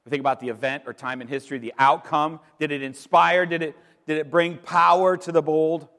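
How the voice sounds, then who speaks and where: A middle-aged man preaching an Easter sermon as pastor, emphatic, pausing for effect and repeating words as he builds. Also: on the high side, steady tone, a bit bright. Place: church sanctuary. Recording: long reverb in a large hall.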